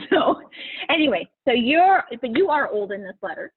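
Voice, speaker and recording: A woman's voice: high-pitched, big pitch swings, normal speed, a little hiss or hum. A middle-aged woman hosting a live coaching session, chatty and encouraging, laughing often as she talks to her group. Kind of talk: casual live-stream coaching talk. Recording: husky voice over a tinny phone-like line.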